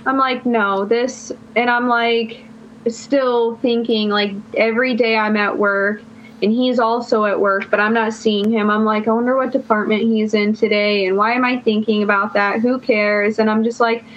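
A young woman guesting on a podcast rambles through a long personal story in casual chat, packing every phrase with "like." Her voice is on the high side with fairly even intonation at normal speed, and the recording has a dull lo-fi quality.

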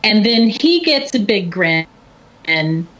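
A middle-aged woman telling a story in casual chat, animated and often laughing. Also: medium pitch, slow. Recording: dull lo-fi recording.

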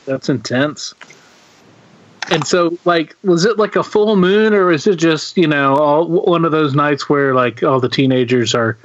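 A man hosting a relaxed conversation, his questions halting and full of fillers. His voice sits somewhat high for a man. The sound is dry and a little muffled. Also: no echo. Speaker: host. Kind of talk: casual interview chat.

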